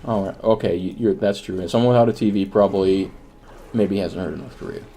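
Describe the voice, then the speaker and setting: A man's voice: sits low, fairly even intonation, brisk, dark tone. A man hosting comedic gaming banter, teasing and explaining in a wry way. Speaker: host.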